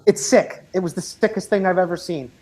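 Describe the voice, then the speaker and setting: A woman's voice: fairly low pitch, brisk, poor audio. Blunt, profane woman in voice chat. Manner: blunt and profane, animated when mocking. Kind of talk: casual voice chat.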